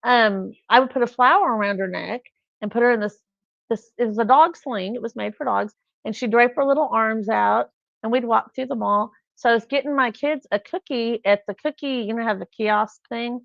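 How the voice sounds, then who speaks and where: Middle-aged female livestream host, chatty storyteller, gravelly tone, lo-fi dry audio. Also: fairly high pitch, moderate pace, no room sound. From California. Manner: chatty storytelling, acts out voices in anecdotes. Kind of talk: casual chat. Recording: dull lo-fi livestream sound.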